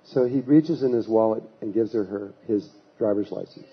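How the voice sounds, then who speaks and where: A man, a spiritual teacher, telling a story in a halting way with frequent restarts in a husky voice. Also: lowish voice, dull audio. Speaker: spiritual teacher giving a talk. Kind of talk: anecdotal storytelling talk.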